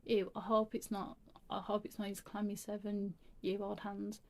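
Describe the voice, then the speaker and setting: A woman's voice: mid-range voice, level tone, normal speed, close to an everyday voice. Woman reading as a playful sick teenage girl. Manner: playful, giggly.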